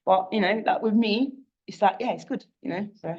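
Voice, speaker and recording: A woman's voice: mid-range voice, darkish tone, highs cut off. A woman, a parent advocate, chatting casually and packing her speech with fillers. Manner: fast, filler-heavy with frequent "do you know what I mean". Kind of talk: casual chat on a panel.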